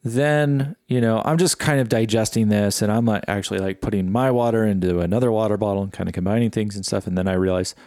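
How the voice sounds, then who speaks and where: A middle-aged man reflecting in a casual solo podcast monologue, halting and full of fillers and restarts. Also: on the low side, fairly even intonation, darkish tone, dry recording, studio quality. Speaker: podcast host.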